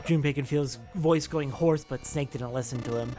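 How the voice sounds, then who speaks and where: A let's play host reading a visual novel aloud, with animated, reactive commentary between passages. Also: mid-range voice, fairly quick, faint music behind.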